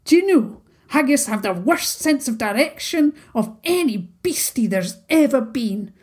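A scruffy little haggis creature with a thick Scottish accent, speaking in a theatrical, sighing way, as a woman reading a children's story puts him on. The voice is husky and dark, a little set back from the mic, and it talks slowly. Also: sits high, expressive, pitched above the performer's own voice, heavily acted. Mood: explaining.

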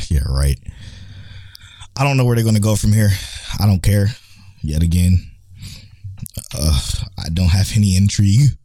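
A young man co-hosting a casual anime review chat, animated and swearing, often breaking into high laughter. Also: a little slow, pauses often, dry recording. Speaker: podcast co-host.

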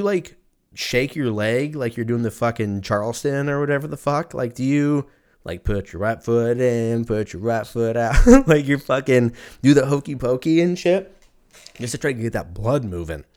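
A man's voice: medium pitch, a little mellow. A man hosting a podcast alone, telling a rambling, profane, self-mocking story in a casual comedic monologue. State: in pain from a stubbed toe. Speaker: podcast host.

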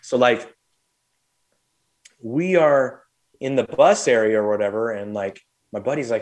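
A man from St. Louis hosts a casual podcast chat at a medium pitch. He tells a rowdy story with lively energy and acts out the other people's lines. He curses freely as he goes. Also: normal speed. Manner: animated, swears freely, acts out quotes. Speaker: podcast host.

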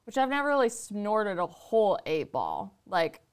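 A woman and mother talking candidly in a casual conversation, telling blunt, profane, animated stories. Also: medium pitch, normal speed, smooth. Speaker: podcast guest or host, mother.

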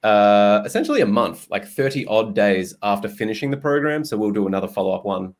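Chatty low-voiced male podcast host. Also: lively intonation, fairly quick. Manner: chatty and jokey, swears freely, laughs often. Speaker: podcast host and nutrition coach. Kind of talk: casual chat.

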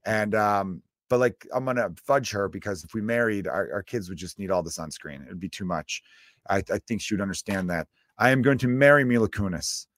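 An American man with a lowish voice hosts his own podcast in a loose, rambling comic monologue. He swears freely and pokes fun at himself. The sound is dry and close, with no room around it. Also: brisk, fairly bright tone, no room sound. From United States. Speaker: podcast host. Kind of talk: casual comedic monologue.

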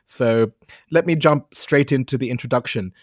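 A man hosting a podcast interview, asking questions in a warm, polite way. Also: medium pitch, moderate pace, no room sound, clean studio sound. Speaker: podcast host.

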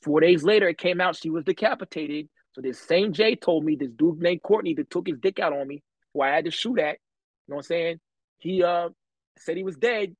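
A man's voice: fairly high pitch, a little fast, no echo, poor audio. A man on a podcast telling stories from his life in casual, slangy, profane talk, laughing often. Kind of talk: casual chat, storytelling.

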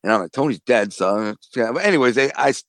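A man's voice: mid-range voice, fairly quick, no room sound. Streetwise man telling stories. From Detroit. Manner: animated, streetwise storytelling with slang and acted-out dialogue. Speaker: author and former mob enforcer, interview guest. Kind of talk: casual storytelling interview.

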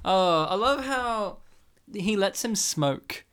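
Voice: mid-range voice, expressive, slow, a bit bright, smooth. A commentary co-host in a casual chat, laughing a lot, swearing freely and slipping into jokey voices. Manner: giggly, sweary, with frequent jokey put-on voices.

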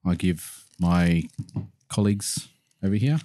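A man co-hosting a podcast and running a word game, goofy and quick with asides. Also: low voice, mellow, no echo. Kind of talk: casual banter.

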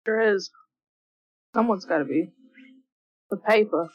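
A woman's voice: mid-range voice, measured pace, no echo, lo-fi sound. Dry-voiced woman co-host, short remarks. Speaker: podcast co-host. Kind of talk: casual movie-watching chat.

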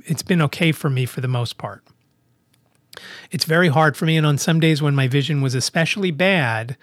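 Man, podcast host, storytelling monologue, fairly high voice, dry close recording. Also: no room sound. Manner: animated, acts out both sides of dialogue.

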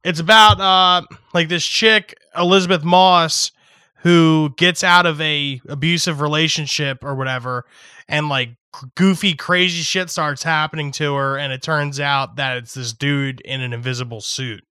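A young man chatting casually about movies and shows, swearing a lot and shouting when he acts out yelling. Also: fairly high pitch, steady tone, measured pace, clear, resonant tone, no echo, studio quality. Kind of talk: casual chat.

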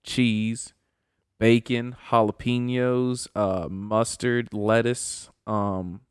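A man's voice: mid-range voice, drawn-out words, clean tone, no room sound, studio quality. A young man co-hosting a casual podcast, swearing freely and acting out voices as he tells stories. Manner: crude, animated storyteller who acts out voices. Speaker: podcast co-host. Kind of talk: casual chat.

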